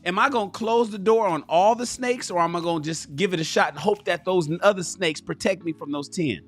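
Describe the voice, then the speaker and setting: A man's voice: high-pitched, brisk, faint music behind. A man doing an impression of a famous male boxer being interviewed, speaking earnestly and posing a question.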